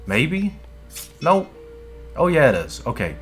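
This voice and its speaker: A man's voice: fairly high pitch, wildly swooping pitch, slow, a bit bright, soft background music. A man casually chatting while he plays a game, rambling and laid-back and swearing often. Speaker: streamer playing a dungeon game. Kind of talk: casual gameplay commentary.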